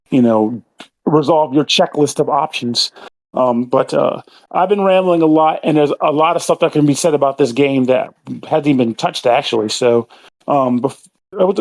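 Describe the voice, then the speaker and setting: A man's voice: a little high, a little mellow. A man co-hosting a podcast, chatting casually about a game at length with lots of fillers and a self-aware, rambling manner. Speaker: podcast co-host. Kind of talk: casual gaming chat.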